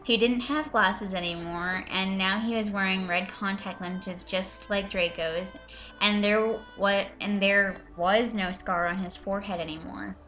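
Bright, slow-reading sarcastic young woman. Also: mid-range voice, steady tone, faint music behind. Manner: sarcastic, mocking asides. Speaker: reader and commentator. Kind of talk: comedic reading with commentary.

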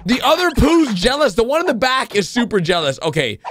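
A man giving excitable reaction commentary to cartoons, exclaiming and shouting often. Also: very high voice, brisk, a little hiss or hum. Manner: exclaiming, frequent shouts and laughs. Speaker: video reactor. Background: cartoon music and sound effects.

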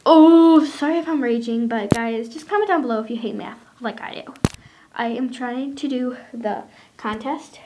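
High-pitched teenage girl ranting. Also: normal speed, background noise. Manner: exasperated, rambling with many likes. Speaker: vlogger. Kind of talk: casual ranting vlog.

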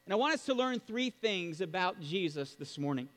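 A male pastor delivering a sermon in a fairly high, very lively voice that leaps up into loud bursts of emphasis. His words ring with a long reverb from a large church sanctuary. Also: normal speed. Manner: emphatic, animated preaching with sudden loud bursts.

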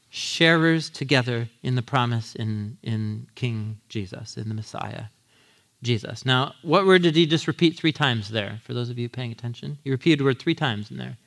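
A man in his thirties preaching a casual, animated sermon, acting out quotes in lively voices and laughing often. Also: medium pitch, creaky. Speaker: pastor teaching a Bible series.

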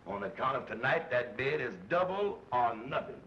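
A deadpan roommate in a 1940s comedy, speaking in a slow drawl at a middling pitch. The old film soundtrack sounds dull, with a light hiss under it. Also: male voice. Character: slow, deadpan male roommate who sleepwalks. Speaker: comic film character.

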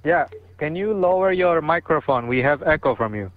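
A playful man in online party chat, laughing often as he talks. His pitch leaps around, and the sound is a bit dull and lo-fi, like a cheap headset mic. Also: normal speed. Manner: lively, playful, laughs a lot. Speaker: gamer friend. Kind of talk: casual chat over voice chat.

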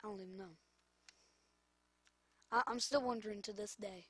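A woman's voice: fairly high pitch, slow pace, long pauses, fairly bright tone, husky, no room sound. A woman commentating her own football video game, exasperated and scolding the players on screen. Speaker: gamer. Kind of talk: gameplay commentary.

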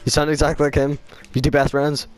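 A man's voice: on the high side, little pitch movement, fast talker. An Irish man chatting casually and teasing friends while playing a game online. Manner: joking, teasing, spells things out. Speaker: gamer in party chat. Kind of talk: casual gaming chat.

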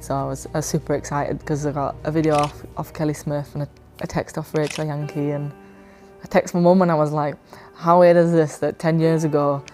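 Young english footballer lady reminiscing, low voice, music playing underneath. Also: warm tone. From England. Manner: chatty, laid-back, lots of fillers. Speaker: professional footballer. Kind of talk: casual reminiscing over match footage.

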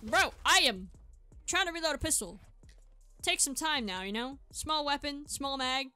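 A woman's voice: high voice, normal speed, faint music behind. A woman hosting a gaming channel, giving live gameplay commentary in a chatty, self-mocking way and yelping in bursts. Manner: excitable, yelps and shouts in bursts.

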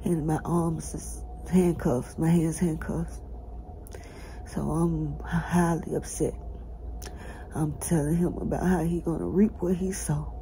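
A breathless woman speaks straight to her viewers, urgent and pleading, her voice often breaking into tears. Her tone is very dark and mellow. A faint hiss sits under the recording. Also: low-pitched, steady tone, takes it slowly, poor audio. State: breathless, cried out. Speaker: person recounting a jail ordeal. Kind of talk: emotional first-person testimony to viewers.

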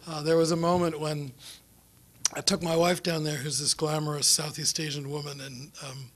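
A middle-aged New Zealander with a New Zealand accent gives an after-dinner foreign policy talk as a guest speaker in a lecture room or dinner venue. His voice sits on the high side, level and a bit bright, at a moderate pace. He rambles and is self-deprecating as he tells anecdotes.

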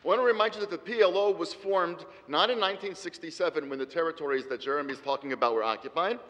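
A man's voice: a little high, fast talker, fairly bright tone. Emphatic middle-aged man debating in hall. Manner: emphatic, rhetorical repetition. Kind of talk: formal debate speech. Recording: hall reverb.

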